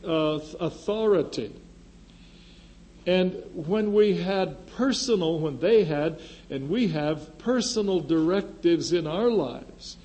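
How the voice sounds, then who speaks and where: An older man gives a classroom lecture in a slow, deliberate way. His voice sits a little high for a man but sounds mellow and dark. He is earnest and emphatic, and he likes to repeat a key phrase. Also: poor audio. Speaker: church history teacher and former pastor. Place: classroom with a board.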